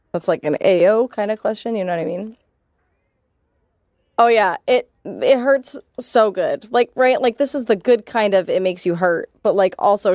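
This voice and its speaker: A woman's voice: medium pitch, darkish tone, no echo, clean studio sound. A young woman streaming a game, commenting casually, swearing, giggling, and getting emotional.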